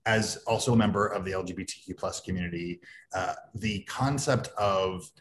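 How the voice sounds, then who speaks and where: Low-voiced man, halting with many ums. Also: slight background noise. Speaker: event host. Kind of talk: casual spoken remarks.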